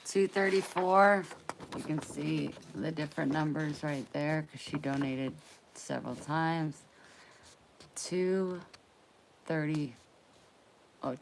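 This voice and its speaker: A woman hosting a casual live stream, chatty and playful, easily excited. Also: low voice, a little hiss or hum.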